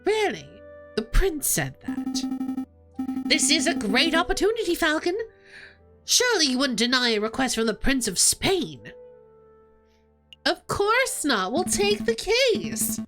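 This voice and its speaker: A grand, self-important bird lawyer with a lively, swooping delivery, as a woman plays him. He sounds theatrical and easily indignant, with faint game music under the voice. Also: high voice, takes it slowly, pauses often, full character voice. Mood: pompous. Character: proud male bird lawyer, pompous.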